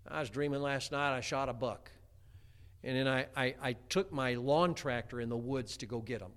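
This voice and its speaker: A man's voice: medium pitch, moderate pace, fairly bright tone. A middle-aged man preaching a homespun sermon, chatty, with many stammered restarts. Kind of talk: folksy sermon.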